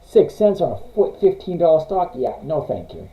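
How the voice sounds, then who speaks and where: A middle-aged man running a laid-back stock livestream reads his viewers' comments aloud, chats freely, and turns down requests apologetically. At a normal pace, his a-little-high voice swings widely in pitch, heard through roomy, dull lo-fi stream audio.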